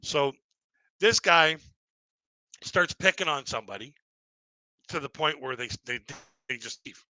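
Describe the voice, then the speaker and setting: A man's voice: on the high side, animated, unhurried, long pauses, bright, forceful tone, dry recording, rough recording. A middle-aged man telling a stand-up story on a live stream, rambling and repeating himself, acting out other people in raised voices. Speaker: stand-up comedian.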